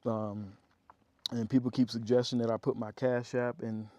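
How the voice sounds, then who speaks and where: A man chats loosely to his viewers from an off-grid homestead, tired after a long stretch of digging. His voice is mellow and warm, sitting at an ordinary middle pitch. The sound is dry and close, with no room echo. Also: flat delivery, normal speed. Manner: rambling, talkative, addresses viewers as y'all. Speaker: homesteading vlogger. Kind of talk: casual chat to viewers.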